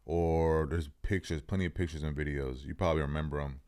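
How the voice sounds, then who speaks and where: A young man with a very deep, low voice, chatting bluntly on a podcast. He swears freely and leans hard on his words. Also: fairly even intonation, a little fast, a little mellow. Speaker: podcast co-host. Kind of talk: casual podcast chat.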